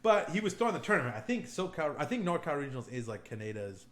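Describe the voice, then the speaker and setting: With a fast delivery and a voice on the high side, a young man hosts a podcast and tells a story in casual chat. He swears freely and acts out quotes in an animated way, recorded with a roomy echo and faint background noise.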